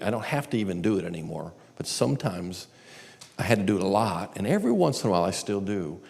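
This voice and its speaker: A man with a deep, darkish voice and vocal fry gives a candid, self-deprecating storytelling talk at a live seminar. The recording comes from a large church auditorium and carries long hall reverb.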